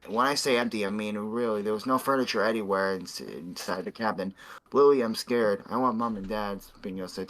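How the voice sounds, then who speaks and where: Young male host, bright voice, reads text aloud casually and stumbles, cursing between lines. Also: lowish voice, poor audio. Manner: stumbling, swearing asides, uneasy laughs. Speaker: host reading a fan fiction aloud. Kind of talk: casual reading with commentary.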